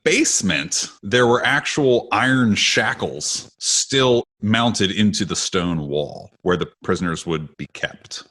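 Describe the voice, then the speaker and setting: A man from the United States, co-hosting a podcast, telling a family story in an animated, casual way. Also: fairly low pitch, slow, hardly any pauses. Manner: animated storyteller, acts out quoted voices with laughs. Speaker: podcast co-host.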